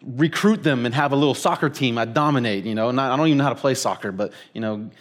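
A man's voice: medium pitch, fast talker. A man preaching a sermon, telling a story casually with plenty of fillers like "like" and "you know". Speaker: pastor.

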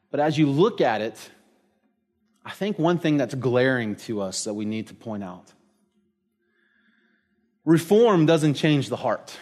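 A middle-aged man, preaching a sermon in an animated, storytelling way. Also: medium pitch. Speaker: pastor.

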